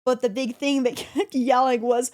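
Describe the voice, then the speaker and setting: A woman co-hosting a casual podcast, telling a story with excitement and laughing often. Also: high voice, moderate pace. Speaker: podcast co-host.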